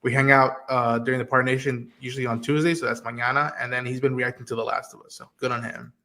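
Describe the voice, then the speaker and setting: A man hosting a casual show review, with a bright, forward tone. He rambles chattily and acts out quotes, filling gaps with "like". He sits close to the mic. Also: medium pitch, level tone, fast. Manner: chatty, fills speech with "like" and acted-out quotes. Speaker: podcast host.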